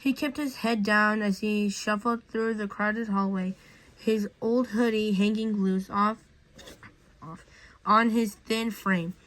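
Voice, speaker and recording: A woman's voice: medium pitch, steady tone, slow pace, fairly bright tone, poor audio. A woman reading a fan fiction story aloud in a casual way, with slips and restarts.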